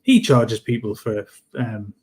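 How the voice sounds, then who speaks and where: A man's voice: fairly low pitch, takes it slowly, a crowd in the background. Chatty man, incredulous. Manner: chatty, incredulous, animated storytelling. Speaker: football podcast co-host. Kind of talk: casual chat.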